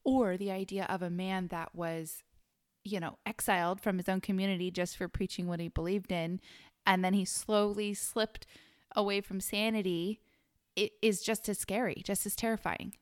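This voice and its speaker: Animated woman telling a spooky story. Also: mid-range voice, normal speed, clean tone. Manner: animated, drops to whispers when telling spooky parts. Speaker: podcast co-host. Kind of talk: casual chat, storytelling.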